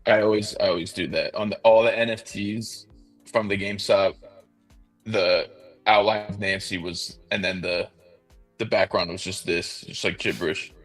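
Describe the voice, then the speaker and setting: A low-voiced man hosts a live stream, chatting in a relaxed, easygoing way. Faint music plays under his voice. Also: normal speed. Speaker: stream host. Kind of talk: casual live-stream chat.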